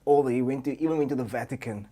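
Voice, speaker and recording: A young man, a musician guest on a podcast, telling stories in a loose, excitable way, full of slang and swearing. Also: mid-range voice, very fast. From Cape Town, South Africa. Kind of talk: casual chat.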